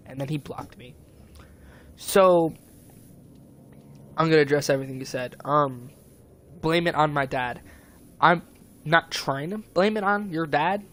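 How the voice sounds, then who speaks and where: Teen guy on stream venting, kinda high voice, rambly and cussing a lot. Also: unhurried, pauses often, a bit bright. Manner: upset, rambling, heavy swearing. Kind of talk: casual venting monologue.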